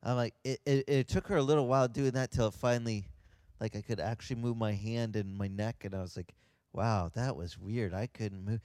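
A man who is a pastor, telling a lively personal story and acting out the voices of the people in it. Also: medium pitch, fast talker, clean tone, no echo. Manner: animated, acts out voices of others. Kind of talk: storytelling anecdote.

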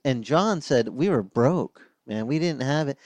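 An older man preaching a sermon as pastor, telling stories with lively acted-out voices. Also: mid-range voice, unhurried, no echo. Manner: animated storytelling, acting out voices of others.

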